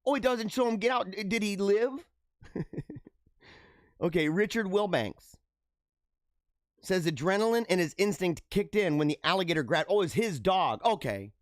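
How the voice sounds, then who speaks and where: Male podcast host riffing on odd news in a lively, slangy way, fairly high voice, dry and close to the mic. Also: moderate pace, long pauses, no echo. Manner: animated, slangy, laughs often. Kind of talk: casual news commentary.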